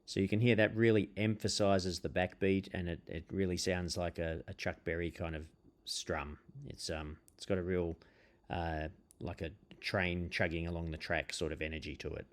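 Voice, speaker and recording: Low-voiced man teaching ukulele rhythm. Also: moderate pace. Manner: relaxed, hesitant, with frequent uh and um fillers. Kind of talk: instructional explanation with counting.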